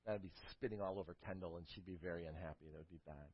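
A man preaching a sermon, telling a story with emphatic build-ups and closing in a quiet prayer, on a dull lo-fi recording. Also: deep voice, steady tone, rapid-fire, slightly rough, no echo. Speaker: pastor.

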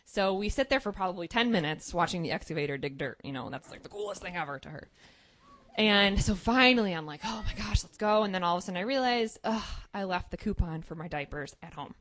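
A young woman, a mother, telling a personal story in an earnest, animated way with many fillers. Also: lowish voice, fast. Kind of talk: casual personal testimony.

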